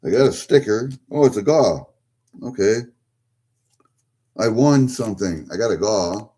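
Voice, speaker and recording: A man's voice: on the low side, expressive, unhurried, dark tone, breathy edge. A man talking casually to himself as he opens packages, muttering and rambling as he goes. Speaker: vlogger opening packages. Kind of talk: casual unboxing commentary.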